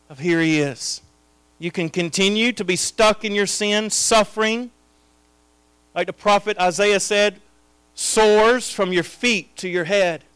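A male pastor delivers a sermon in a high, smooth and resonant voice. He swings from quiet, close passages to loud, ringing declarations. The sound is dry and close. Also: dry recording. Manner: impassioned, swinging from hushed to loud.

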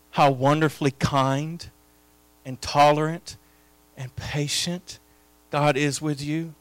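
Impassioned high-voiced male preacher. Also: dry recording. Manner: impassioned, swinging from hushed to loud. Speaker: pastor. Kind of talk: sermon.

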